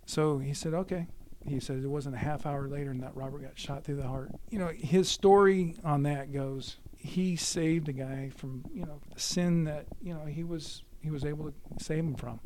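A man's voice: a little high, moderate pace, few pauses. A man casually retelling his father's war stories, acting out the dialogue with animation. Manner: animated, acts out quoted dialogue. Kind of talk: casual storytelling.

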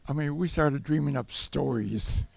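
Older veteran man, gravelly storyteller. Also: a little high, measured pace. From California. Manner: chuckling, rambling anecdote with restarts. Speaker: World War Two Navy veteran guest. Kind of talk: storytelling interview.

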